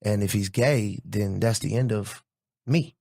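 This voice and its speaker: Man talking slow and thoughtful on a podcast, lots of ums, dry mic. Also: fairly low pitch, gravelly, dark tone, dry recording. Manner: reflective, halting with fillers. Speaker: podcast co-host. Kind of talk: casual chat.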